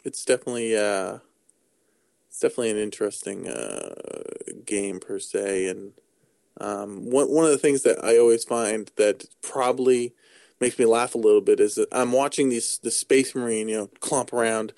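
A mellow, dark-toned man co-hosts a casual gaming chat. He rambles and jokes, stopping to restart and fill gaps. His voice sounds dry and close, with little room around it. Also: lowish voice, normal speed, vocal fry, no echo. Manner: rambling, jokey, many fillers and restarts. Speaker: podcast co-host.

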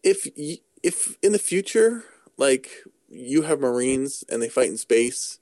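A man's voice: mid-range voice, animated, a little slow, a little mellow, no room sound. A man, co-hosting a casual gaming chat, rambling and joking with lots of fillers. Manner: rambling, jokey, many fillers and restarts. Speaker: podcast co-host.

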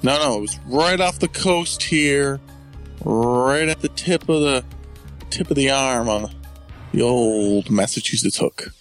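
A man hosting a casual gaming podcast, trading quick jokes with his co-host. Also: medium pitch, faint music behind. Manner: jokey, quick banter. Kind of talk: casual chat.

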